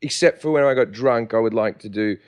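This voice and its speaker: An Australian man in casual podcast chat, telling profane, laughing stories at a quick clip. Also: on the low side. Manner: fast, profane, laughing storyteller. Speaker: podcast co-host.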